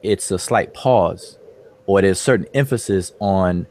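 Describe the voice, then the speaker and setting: Man, very low voice, casual group discussion, loose talk with many fillers. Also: a little slow, a little mellow. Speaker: host of an online study group.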